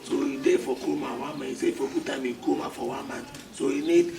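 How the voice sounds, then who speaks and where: A man's voice: medium pitch, fast, vocal fry, reverberant, music in the background, close to an everyday voice. A man playing a scheming young man who wails and pleads a fake sob story for money. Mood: pleading. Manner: wailing, pleading, laughing through sobs. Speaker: relative begging for money. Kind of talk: comedy skit acting. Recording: distant mic, noisy crowd behind.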